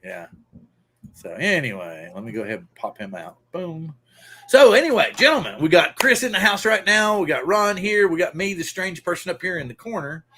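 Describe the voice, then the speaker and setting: A man's voice: sits high, animated, normal speed, sharp tone. A man hosting a casual live stream, rambling loosely and greeting viewers by name. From Pacific Northwest. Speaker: livestream host.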